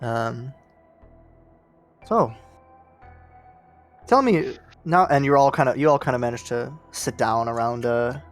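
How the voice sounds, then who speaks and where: A man at a middle pitch runs a tabletop game in an easy, chatty way. He fills gaps with ums and breaks into laughing asides. Faint music plays behind him. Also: measured pace, long pauses. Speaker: game master.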